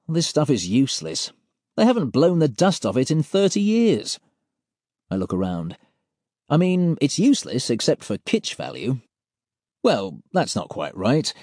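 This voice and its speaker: A man reading a first-person story aloud in a wry, deadpan way, close to a studio mic. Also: mid-range voice, no echo. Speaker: audiobook narrator. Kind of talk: scripted first-person narration.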